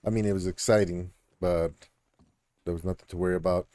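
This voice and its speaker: A man's voice: low-pitched, steady tone, fairly quick, warm tone, no echo. A man live-streaming a video game, chatting casually in a rambling, laid-back way with lots of fillers. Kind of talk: casual chat while gaming.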